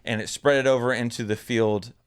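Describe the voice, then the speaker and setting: A young man with a twang tells a story on a podcast, his voice smooth and clear. He gets animated and jumps high in pitch when he quotes people. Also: fairly quick. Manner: animated, acts out quotes in a raised voice. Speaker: podcast co-host. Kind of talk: casual storytelling.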